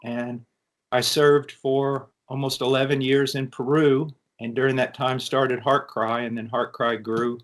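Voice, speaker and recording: A middle-aged American man giving an earnest, animated personal testimony in conversation, with frequent restarts. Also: medium pitch, a little slow. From United States. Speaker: interview guest.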